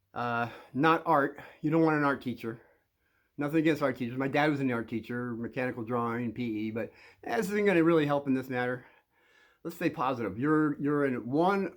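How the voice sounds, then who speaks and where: A man talking to the camera and giving casual advice, rambling with many fillers and restarts. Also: mid-range voice. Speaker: advice vlogger.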